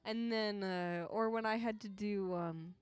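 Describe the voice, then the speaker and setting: A woman's voice: mid-range voice, steady tone, a little slow, clean tone, no echo. A young woman co-hosting a casual live stream, chatting playfully and giggling, close to the mic. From United States. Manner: playful, giggly, puts on goofy accents. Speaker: streamer co-host. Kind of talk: casual chat.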